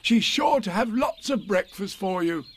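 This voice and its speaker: A gentle little bear who is kind and a bit simple, voiced by a man telling the story. He speaks mildly and earnestly, a touch higher than the reader's own voice, and the voice sits a little back from the mic. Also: animated, measured pace.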